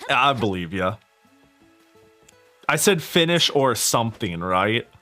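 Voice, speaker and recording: A young male streamer talks while he plays, rambling from one thought to the next with a quick laugh and a casual curse thrown in. Faint game music sits low behind his voice. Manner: rambling and animated, laughs often, swears casually. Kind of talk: casual gaming stream chat.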